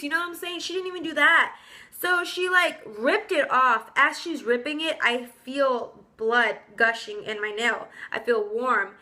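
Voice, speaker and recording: A young woman telling a storytime vlog in a casual, indignant, animated way, full of slang. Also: sits high, a little slow. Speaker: vlogger.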